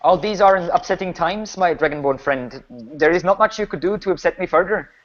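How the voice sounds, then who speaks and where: A man's voice: high voice, lively intonation, fairly quick, muffled recording, pitched above the performer's own voice. A man voicing a worried village baron who stammers and halts anxiously. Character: worried middle-aged male village baron.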